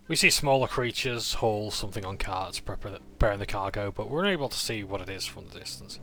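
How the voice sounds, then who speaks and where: A man's voice: fairly low pitch, normal speed, sharp tone, soft background music. A man casually recapping a tabletop game session, with frequent "uh"s and self-corrections as he narrates.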